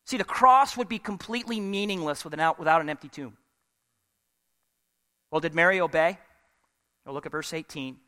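A male pastor delivers a dramatic sermon in a high, bright, forceful voice. He drops from full volume to a near hush and slips in humorous asides. The sound rings with the long reverb of a large church. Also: normal speed, pauses often, smooth. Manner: dramatic preaching, swings from loud to hushed, with humorous asides.

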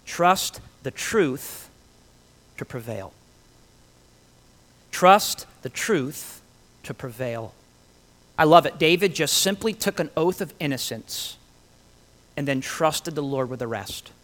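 A man preaching a sermon, emphatic and animated, with rhetorical questions and dramatic pauses. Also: on the high side. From Italian heritage.

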